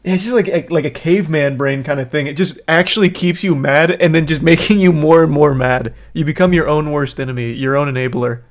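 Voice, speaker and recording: A man's voice: fairly high pitch, fairly quick, few pauses. A man streamer giving rambling, casual commentary on a clip, swearing freely and laughing at himself. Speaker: streamer reacting to a video.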